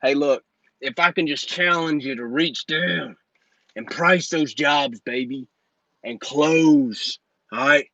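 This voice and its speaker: A man in his thirties runs a live Q&A, brash and joking and full of motivation, his voice sitting a little high for a man. The sound is dull and dry, as if captured on a phone. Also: slow, pushed and bright, dry recording. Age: 30s. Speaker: host and business coach. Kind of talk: live Q&A stream.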